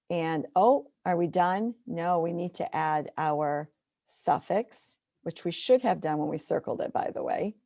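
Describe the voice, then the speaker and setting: A woman's voice: lowish voice, unhurried, warm tone, dry recording, studio quality. A woman teacher walking through a screen-share tutorial step by step, explaining patiently.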